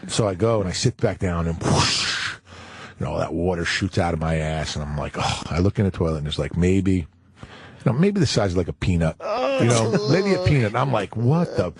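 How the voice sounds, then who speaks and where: A middle-aged former football player, a guest on a talk show, telling a crude comic story in an animated, profane way and acting out the other people in it. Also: male voice, low-pitched, fairly quick.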